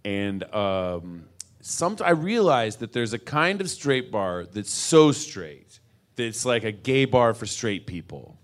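A man's voice: on the low side, very animated, slow. A male comedian riffing in a rambling stand-up rant, often restarting his sentences. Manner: rambling, self-interrupting riff with frequent restarts.

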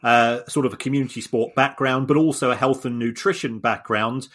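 A man's voice: mid-range voice, fairly even intonation, fairly quick, fairly bright tone. A man co-hosting a podcast, explaining things in a casual discussion with frequent restarts and repeated words. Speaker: podcast co-host.

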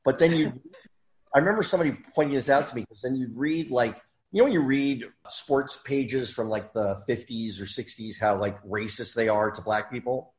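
A man in casual chat, telling anecdotes in a rambling, animated way. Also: medium pitch, normal speed, rough recording.

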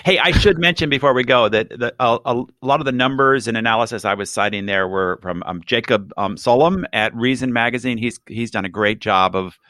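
A man speaking as a podcast guest in a measured, relaxed way during a casual chat. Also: medium pitch, no echo, studio quality.

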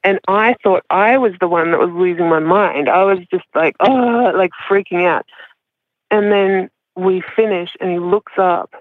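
A woman's voice: lowish voice, a little slow, no echo. Woman caller, casual confessional storytelling, rambling filler words, phone-line sound, dry. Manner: rambling, heavy use of "like", laughs often. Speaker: caller telling a personal story.

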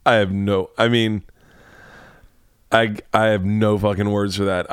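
A man's voice: lowish voice, flat delivery, clean tone, no echo, studio quality. A man hosting a comedy podcast, rambling through celebrity news with lots of swearing. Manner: profane, rambling, quick asides. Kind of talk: casual comedy podcast rant.

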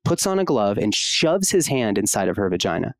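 A lowish male voice with big pitch swings, running a little fast and without echo, comes from a US OB-GYN guest on a podcast. His talk is casual, passionate and blunt, sprinkled with fillers and the odd curse.

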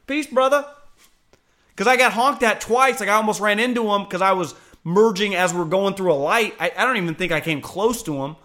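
A man co-hosting a podcast, telling casual stories in an animated way with plenty of swearing. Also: sits high, a little fast, few pauses. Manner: animated storytelling with profanity. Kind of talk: casual chat.

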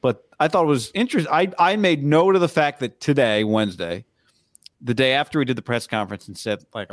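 A man co-hosting a casual sports podcast, talking in a measured, analytical way and often dropping in short agreements. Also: mid-range voice, dry recording, clean studio sound.

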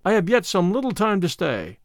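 A man voicing a gentle, soft-spoken young stranger in old-fashioned speech. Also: sits high, wildly swooping pitch, a little fast, no room sound, studio quality, exaggerated voice. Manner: soft, gentle, mildly mocking.

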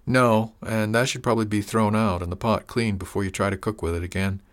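A man voicing a kindly, wry older woman who works as an herbalist, speaking in a gentle, reassuring way. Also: fairly low pitch, level tone, brisk, lightly acted.

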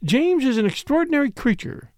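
A man's voice: very high voice, big pitch swings, a little fast, a little mellow, no echo, pitched above the performer's own voice. A man voicing a bossy, opinionated middle-aged woman who lectures everyone in an insistent, scolding way. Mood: impatient.

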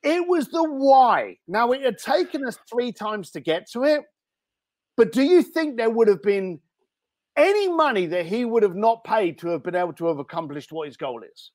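An Australian man telling a story as a podcast guest, animated and acting out the voices of the people in it. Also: high-pitched, normal speed, no room sound, clean studio sound. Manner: animated, acts out the callers' voices. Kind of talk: storytelling in conversation.

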